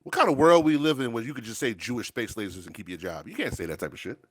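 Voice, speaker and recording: A man's voice: mid-range voice, animated, quick pace, a bit bright, dry recording. A man hosting a show, talking in casual, profane, joking rants. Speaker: show host. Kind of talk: casual podcast banter.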